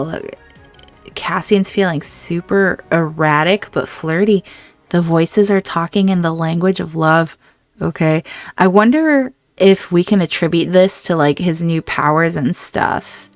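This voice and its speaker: A woman's voice: lowish voice, no room sound. A woman hosting a let's-play, chatting through the game and reacting emotionally to what happens on screen. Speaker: gaming channel host.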